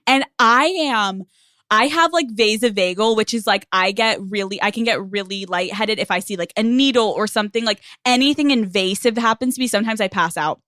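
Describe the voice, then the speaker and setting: Young woman, podcast guest, animated storyteller, dry close sound. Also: medium pitch, brisk, dry recording. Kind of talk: casual storytelling chat.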